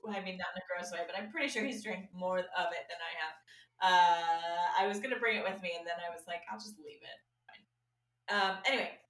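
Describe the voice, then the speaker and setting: Animated woman telling a story in an echoey room. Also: fairly low pitch, a little fast, recorded from a distance. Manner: animated storyteller, acts out quoted people. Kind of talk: casual storytelling chat. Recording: echoey room, a bit off-mic.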